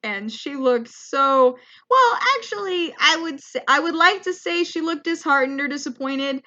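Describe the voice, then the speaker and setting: Bright, self-deprecating comedian woman. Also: high voice, normal speed, muffled recording. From United States. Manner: rambling and self-deprecating, with many restarts. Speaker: comedian vlogger. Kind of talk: comedic storytelling monologue.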